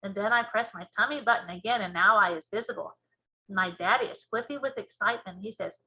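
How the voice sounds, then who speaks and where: Bright-voiced woman reading a story aloud. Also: mid-range voice, a little fast, slightly rough, rough recording. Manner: lively, expressive storytelling. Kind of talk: children's book read-aloud.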